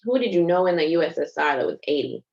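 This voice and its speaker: Stubborn elderly grandmother, read by a woman; low, reproachful, muffled recording. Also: lively intonation, fast talker, vocal fry, darkish tone. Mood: wistful. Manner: reproachful, heavy with complaint. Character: stubborn elderly immigrant grandmother, gloomy and nostalgic.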